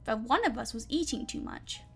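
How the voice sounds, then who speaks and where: A woman's voice: on the high side, expressive, fairly quick, creaky, husky, soft background music, full character voice. A woman with a British accent voicing a fussy, bossy male rabbit who speaks sternly and plainly. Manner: stern, matter-of-fact.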